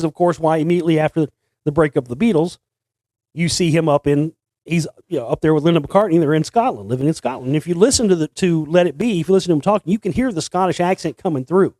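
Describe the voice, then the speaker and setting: A man's voice: fairly high pitch, darkish tone, dry recording. A man hosting a casual solo talk show, rambling with many restarts and repeated words. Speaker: host. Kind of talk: casual monologue.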